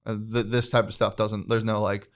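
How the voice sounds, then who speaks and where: A man co-hosting a casual sports talk show, talking in quick bursts with many restarts. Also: fairly low pitch. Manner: animated, restarts, laughs often. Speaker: co-host.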